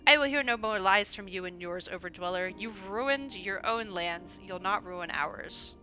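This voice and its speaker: A woman's voice: mid-range voice, a little slow, highs cut off, over music, voice pushed down, lightly acted. A woman voicing a stern, bitter old male kobold patriarch in a video game, declaiming his lines. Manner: commanding, declamatory.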